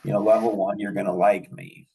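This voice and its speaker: A man's voice: lowish voice, little pitch movement, fairly quick, dark tone, breathy edge, recorded from a distance, poor audio. An older man hosting a podcast, telling rambling anecdotes in casual chat and chuckling often. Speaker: podcast host.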